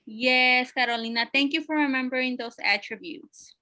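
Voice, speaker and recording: A woman teaching a math lesson, asking her students questions and often pausing with fillers. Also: sits high, sharp tone. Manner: checks in with questions, many fillers.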